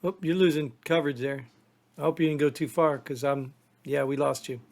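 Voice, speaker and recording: Man, casual chat, teasing, laughs often, higher voice. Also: fairly even intonation, a little fast, gravelly, darkish tone. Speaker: podcast co-host.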